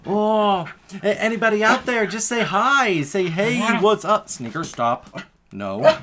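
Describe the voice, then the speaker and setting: Excitable man in his thirties with a bouncy voice. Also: high-pitched, a little slow. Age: 30s. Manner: excitable, breaks off to scold a barking puppy. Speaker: streamer hosting a birthday live stream. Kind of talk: casual live-stream chat.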